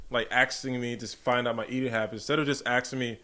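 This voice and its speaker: A man co-hosts a casual podcast with a middle-pitched voice. He talks straight and profanely and asks pointed questions. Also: little pitch movement, fast talker, sharp tone. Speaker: podcast co-host.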